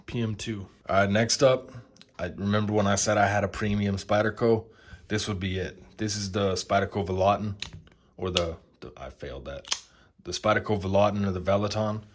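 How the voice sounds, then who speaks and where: A young man casually showing his knife collection, relaxed and enthusiastic, with lots of fillers. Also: low-pitched. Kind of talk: casual show-and-tell.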